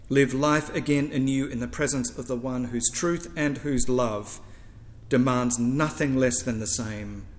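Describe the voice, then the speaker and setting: A man's voice: medium pitch, long reverb tail. A male priest preaching a sermon, building his points through rhetorical lists and repetition.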